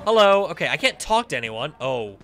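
A young man doing let's play commentary, excitable, reacting loudly and laughing. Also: a little high, brisk, soft background music. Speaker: gaming YouTuber.

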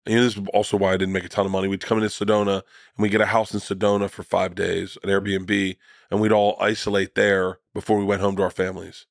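Middle-aged male comedian guest, low voice, dry close sound, profane rambling storyteller. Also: little pitch movement, fast talker, creaky, no echo. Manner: profane, rambling anecdotes with restarts. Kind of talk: casual storytelling conversation.

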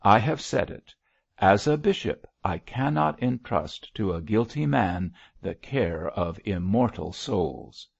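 A man's voice: fairly low pitch, animated, slow, vocal fry, husky, no room sound, full character voice. A man reading a stern reproachful old bishop. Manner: solemn, reproachful. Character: elderly male bishop, mild but stern. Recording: dull lo-fi dry recording.

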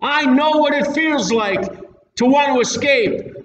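A man's voice: extremely high pitch, measured pace, a bit bright, a little hiss or hum. A man preaching a casual, folksy Bible-teaching sermon in a plain-spoken, emphatic way. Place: church hall with a live audience. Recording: echoey room, mic at a distance, dull sound.

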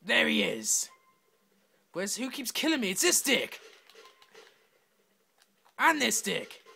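A man's voice: very high voice, expressive, takes it slowly, gravelly, bright, forceful tone, breathy edge. A man giving brash, swearing commentary over his own gameplay, talking to himself and taunting other players. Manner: brash, swearing trash talk. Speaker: gamer.

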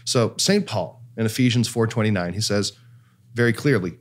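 A man's voice: fairly low pitch, normal speed. A man co-hosting a casual panel discussion, explaining scripture at length with many "you know"s. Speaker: podcast co-host.

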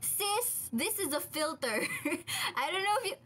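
A woman's voice: extremely high pitch, very animated, unhurried, bright, forceful tone, a little hiss or hum. A young woman with a Filipino accent, chatting casually on a livestream, reading viewer comments aloud and answering them with frequent laughter. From Philippines. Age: young adult. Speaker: idol group member on a livestream. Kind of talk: casual livestream chat, mixing English and Filipino.

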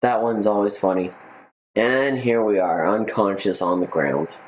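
A man chatting and reacting out loud while playing through a video game. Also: lowish voice, unhurried. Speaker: gamer. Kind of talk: let's play commentary. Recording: roomy echo, faint noise.

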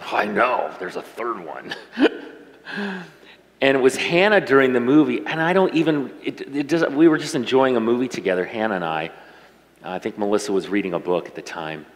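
A middle-aged man preaching a sermon as pastor, talking to the congregation in a warm, conversational and emotional way. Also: medium pitch, quick pace. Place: church sanctuary. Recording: reverberant church hall.

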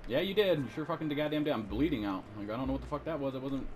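Young man, rapid speech, trash-talking, swearing, faint hum behind. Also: medium pitch, lively intonation. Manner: fast, crude trash talk, swearing. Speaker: teammate. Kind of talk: live gameplay chat.

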